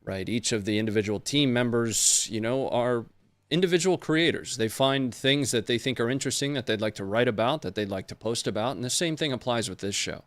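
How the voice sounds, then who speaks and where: A man's voice: mid-range voice, a little fast, fairly bright tone, dry recording, clean studio sound. A man hosting a live show, chatting loosely with viewers and joking before moving into the rundown. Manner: loose, joking, greets chat by place names. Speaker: host. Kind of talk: casual livestream chat.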